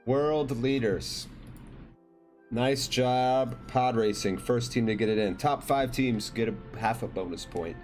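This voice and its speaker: A man's voice: medium pitch, takes it slowly, darkish tone. A man hosting a live online trivia show in a loose, joking way, teasing teams and handing out points, with faint music behind him. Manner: jokey, loose, teasing players by team name. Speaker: trivia quiz host. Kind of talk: casual live quiz hosting.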